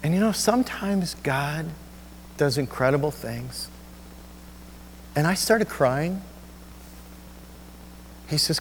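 A male pastor preaching a sermon, telling a personal story in an emotional, halting way with many restarts. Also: fairly high pitch, animated, in a large hall, slight background noise. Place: church sanctuary.

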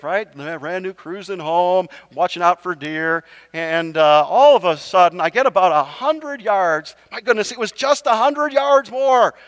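A man's voice: high-pitched, in a large hall. A middle-aged male pastor telling a funny, self-mocking story in a sermon, often checking in with "right?". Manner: animated, self-mocking, talks to the crowd with repeated "right?".

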